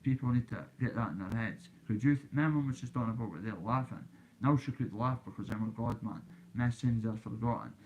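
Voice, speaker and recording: Man, Glaswegian accent, boastful, swaggering, casual vlog, phone mic, middle pitch. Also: a little fast, darkish tone, slight background noise, poor audio. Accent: Scottish, Glaswegian. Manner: boastful, swaggering, addresses kids directly. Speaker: YouTuber.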